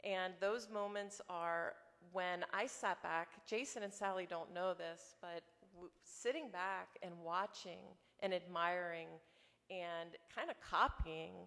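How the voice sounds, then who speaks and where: A woman giving a heartfelt memorial tribute, earnest and slowing down for emphasis. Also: on the low side, a bit bright. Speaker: eulogy speaker, family friend. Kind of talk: personal memorial speech. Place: memorial service hall. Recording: echoey hall with long reverb.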